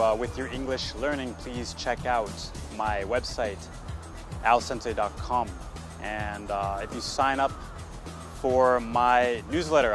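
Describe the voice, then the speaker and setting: A man hosting an English lesson podcast, patiently repeating words slowly for learners. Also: medium pitch. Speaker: English teacher and podcast host.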